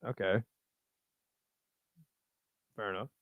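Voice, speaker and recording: A low-ish male voice with fairly even intonation reads viewer messages slowly during a casual live chat, reacting loosely and with lots of cursing. The recording is dry, but the audio is narrow and tinny.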